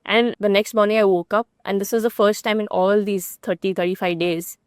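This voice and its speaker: Fast-talking young Indian woman, candid. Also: medium pitch, level tone, clear, resonant tone, no room sound, studio quality. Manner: rapid, earnest retelling with quoted dialogue. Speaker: guest cricketer. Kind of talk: candid personal storytelling in an interview.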